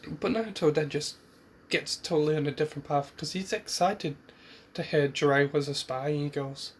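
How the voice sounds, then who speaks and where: A man's voice: on the high side, moderate pace, a little hiss or hum. A man casually retelling a fan-made story, rambling with restarts and asides.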